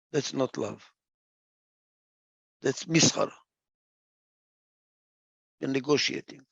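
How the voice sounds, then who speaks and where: A man's voice: fairly high pitch, a little slow, gravelly, pauses often, fairly bright tone, dry recording, muffled recording. A man giving a reflective talk. He stresses points by repeating phrases, and sometimes stalls over a word and starts again. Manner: gets lost for a word and restarts. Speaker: speaker.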